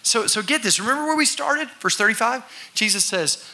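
Animated bright-voiced male preacher. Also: high-pitched, normal speed, vocal fry, hardly any pauses. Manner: animated, acts out voices and shouts for effect; conversational with congregation call-and-response. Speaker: pastor. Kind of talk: sermon.

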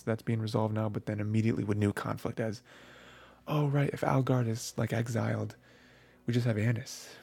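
A man's voice: on the low side, gravelly, dark tone. A man giving a casual, rambling review of anime episodes, full of fillers and restarts.

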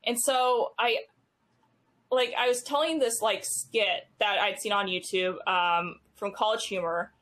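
A woman in her thirties, a podcast guest telling stories in a halting, casual way full of fillers. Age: 30s. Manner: halting, many fillers, rises in pitch when animated. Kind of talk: casual conversational storytelling.

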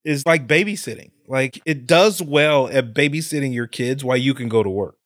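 A middle-aged man co-hosting a podcast, talking casually with lots of cursing, laughter and animated storytelling. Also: mid-range voice, moderate pace, dry recording, clean studio sound. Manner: profane, animated storyteller who laughs often. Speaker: podcast co-host.

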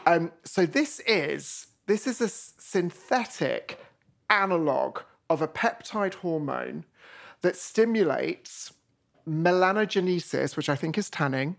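A woman's voice: lowish voice, animated, slow pace, creaky. A woman hosting a podcast, reading a short intro and bantering with her guest. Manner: reads an intro, then banters. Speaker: podcast host. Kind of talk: casual chat.

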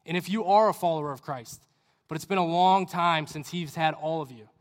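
A man's voice: on the high side, fairly quick. A young adult man giving a sermon in a church hall, earnest and conversational, with rambling asides. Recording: reverberant hall.

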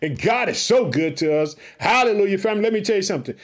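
A man preaching an energetic podcast sermon, fervent and repetitive, calling his listeners family and shouting hallelujah. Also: high voice, fast. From Chicago, United States. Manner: repeats catchphrases, calls listeners family.

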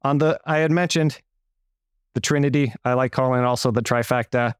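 A man's voice: medium pitch, steady tone, fairly quick, clear, resonant tone, no room sound, clean studio sound. A man hosting an interview podcast, upbeat and playful, hyping up his guest. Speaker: podcast host. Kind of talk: scripted intro, then casual interview.

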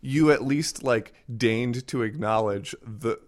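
A man co-hosting a podcast, chatting casually with wry remarks and frequent quick agreement. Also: mid-range voice. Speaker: podcast co-host. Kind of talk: casual chat.

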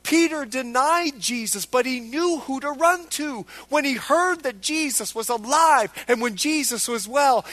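A man's voice: very high voice, pushed and bright. A male pastor preaching a sermon with emphatic delivery, acting out biblical figures in quoted lines.

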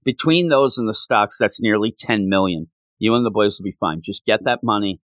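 A calm middle-aged gangster, as a man puts him on, speaking low and steady with no fuss. The sound is dry and close, with no room around it. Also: normal speed, no echo, close to an everyday voice. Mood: resigned calm. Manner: steady, quiet and composed. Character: calm, resigned middle-aged male mobster.

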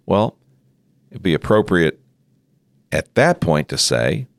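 A middle-aged man giving a measured teaching talk on pastoral care, sometimes acting out sample dialogue. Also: low voice, very animated, no room sound, studio quality. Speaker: seminary leader teaching on ministry.

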